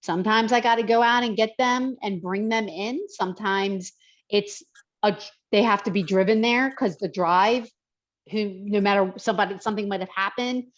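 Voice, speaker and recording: A woman's voice: medium pitch, normal speed, muffled recording. A woman personal trainer talking in a podcast conversation, emphatic and heartfelt.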